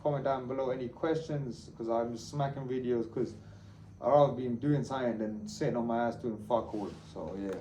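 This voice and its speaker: A man's voice: mid-range voice, fairly quick, mellow. A man with a London accent talking casually to camera as a travel vlogger, rambling, boastful and swearing freely, a little tired. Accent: London English. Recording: roomy echo, faint background hum.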